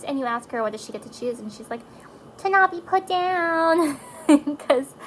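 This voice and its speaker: Slightly high and gravelly, her voice comes through a rough recording with a bit of hiss or hum. She's a mother of four doing her makeup and talking casually. Emotional and chatty, she drifts across topics, filling her speech with "likes" and other fillers.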